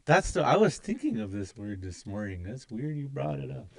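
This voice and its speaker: A man's voice: mid-range voice, very animated, moderate pace, gravelly. A man teaching words in a language class, patiently repeating each word many times. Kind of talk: slow, repetitive pronunciation lesson.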